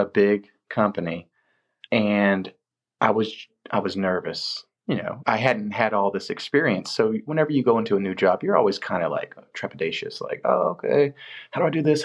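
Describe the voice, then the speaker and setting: A man's voice: lowish voice, dull audio. A man, a film location manager, telling stories from work in a casual interview and acting out the people he quotes. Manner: animated storyteller, acts out quoted voices.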